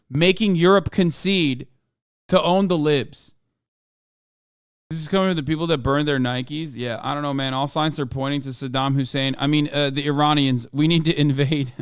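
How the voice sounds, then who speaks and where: A man's voice: fairly high pitch, fairly bright tone, smooth, no room sound, clean studio sound. A man streaming live, reading news articles aloud and breaking off into sarcastic, profane, heated commentary.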